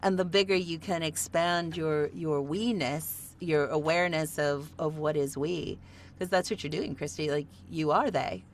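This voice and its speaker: A woman's voice: sits low, a little slow, slight background noise. A woman hosting an interview as an acting coach, speaking earnestly and often repeating words as she gets going. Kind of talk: casual interview talk.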